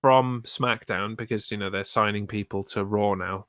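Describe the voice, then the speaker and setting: A man's voice: lowish voice, steady tone, moderate pace, fairly bright tone, smooth, dry recording, studio quality. A man co-hosting a casual wrestling podcast from the UK, recapping matches and joking around. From United Kingdom. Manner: jokey, recaps then riffs. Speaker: podcast co-host.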